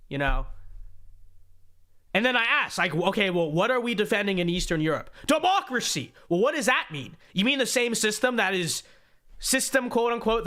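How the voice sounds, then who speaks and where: A man hosting a political commentary livestream, reading viewer donations aloud and reacting in an animated way, often repeating his first words. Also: sits high. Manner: animated, repeats words when starting sentences. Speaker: show host.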